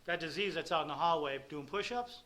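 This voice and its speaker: A man's voice: a little high, brisk, sharp tone. A middle-aged man giving a candid, rambling personal testimony at a recovery meeting, speaking bluntly to a room of peers.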